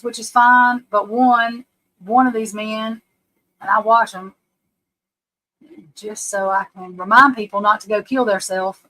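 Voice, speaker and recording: Middle aged american lady rambling on a livestream, kinda high voice, cusses, keeps restarting. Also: fairly bright tone, rough recording. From United States. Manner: rambling, restarts sentences, frank and blunt; swears casually. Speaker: live stream host. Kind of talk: casual live stream chat.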